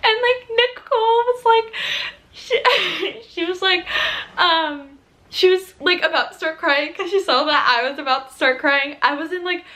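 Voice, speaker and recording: A woman's voice: sits high, moderate pace. Tearful, chatty young woman vlogger. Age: young adult. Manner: tearful, laughing, breathless with excitement; chatty, many fillers like "like". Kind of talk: emotional storytime vlog.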